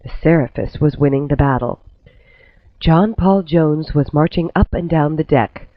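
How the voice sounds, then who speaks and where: Male narrator, slightly high voice, steady storybook reading, tinny phone-like sound. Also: normal speed, dry recording. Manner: steady, clear storytelling delivery. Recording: tinny phone-like dry recording.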